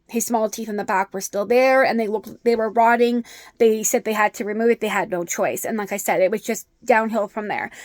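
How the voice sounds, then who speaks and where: A woman's voice: fairly high pitch, no room sound, studio quality. A middle-aged woman telling an upsetting personal story in a vlog, rambling with many ums. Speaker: vlogger.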